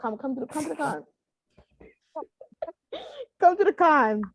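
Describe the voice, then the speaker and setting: A woman's voice: sits high, expressive, a little slow, dry recording. A young woman co-hosting a podcast in casual chat, emotional, pleading and laughing, swearing freely. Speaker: podcast co-host. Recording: dry, dull lo-fi sound.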